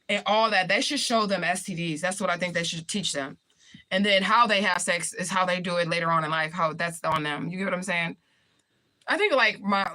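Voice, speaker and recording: A woman with a fairly low, sharp voice chats casually on her livestream. She reads viewer comments aloud and answers them bluntly, with profanity.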